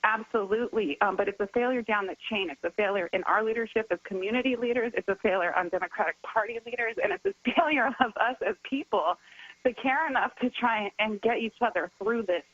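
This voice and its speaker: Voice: mid-range voice, a little fast, a bit bright, dry recording, highs cut off. Impassioned strategist guest on radio. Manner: impassioned, repetitive, rising to heated. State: says they are sick. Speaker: political strategist and organizer guest. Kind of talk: passionate call-in radio commentary.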